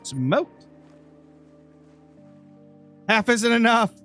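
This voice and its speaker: Very high-pitched and very slow, his bright voice has a forceful tone and lively intonation, with faint music playing behind. The young man is streaming a hunting game, casually chatting and replying to viewers' chat messages despite a sore, dry throat, in live gaming commentary.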